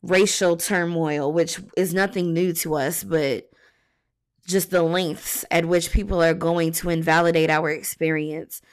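A woman hosting her podcast, talking frankly and reflectively with many pauses; she sounds tired. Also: lowish voice, steady tone, clear, resonant tone. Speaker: podcast host. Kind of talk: candid podcast monologue.

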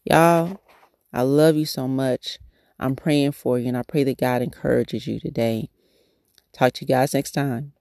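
A man hosting a devotional podcast, praying and encouraging listeners in a halting, repetitive way. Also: mid-range voice, fairly even intonation, gravelly, dark tone, no echo, studio quality. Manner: halting, repetitive prayer phrasing. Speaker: podcast host leading prayer.

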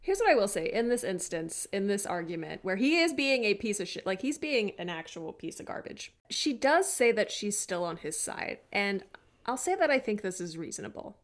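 A woman's voice: mid-range voice, big pitch swings, normal speed. A woman co-hosting a casual movie recap podcast, chatty and emphatic, often murmuring agreement. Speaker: podcast co-host.

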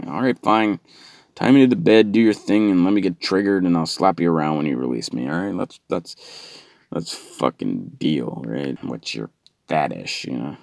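Low gravelly man ranting sardonically. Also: big pitch swings, normal speed, a little mellow, dry recording, studio quality. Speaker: stand-up comedian. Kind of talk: stand-up comedy monologue.

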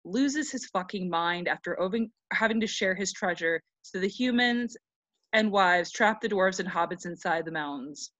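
A woman's voice: fairly low pitch, lively intonation, normal speed, a bit bright, no echo, muffled recording. A woman co-hosting a podcast, retelling a story in a joking, irreverent, swearing way. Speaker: podcast co-host. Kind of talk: casual chat with profanity.

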